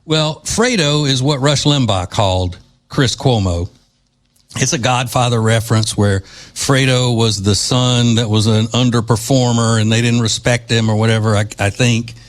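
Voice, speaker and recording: A man's voice: medium pitch, normal speed. A male podcast host with a mid-range voice riffs in casual, opinionated commentary. He mocks and digresses freely, with sarcasm running through his delivery.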